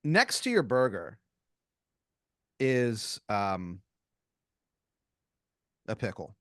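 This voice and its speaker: A man's voice: on the low side, sing-song, very slow, dry recording. Rambling male podcast storyteller, dry sound. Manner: rambling, full of fillers and restarts. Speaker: podcast co-host. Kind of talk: improvised comedic storytelling.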